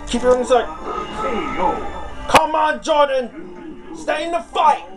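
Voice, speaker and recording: A man playing a fighting game who coaches himself out loud, yelling, swearing and urging himself on in a frantic way. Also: very high-pitched, slow pace, vocal fry, music in the background. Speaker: gamer.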